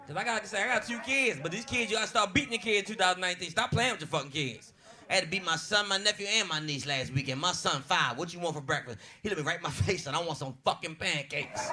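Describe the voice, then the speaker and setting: Brash high-voiced stand-up comic in his forties. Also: fast, pushed and bright. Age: 40s. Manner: brash, profane, punchy storytelling. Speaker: stand-up comedian. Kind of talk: stand-up comedy set. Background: audience laughter.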